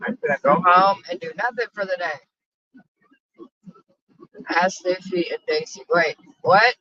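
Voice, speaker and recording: A woman's voice: on the low side, unhurried, bright, forceful tone, no echo, muffled recording. A woman vlogging in casual chat while driving an RV, blunt and profane. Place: inside a small RV on the road.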